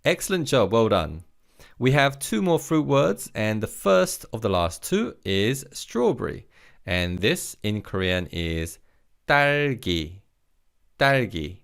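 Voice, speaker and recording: A man teaching a recorded vocabulary lesson, leading slow repeat-after-me drills and praising the learner between words. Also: on the low side, sing-song, gravelly, smooth. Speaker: language teacher.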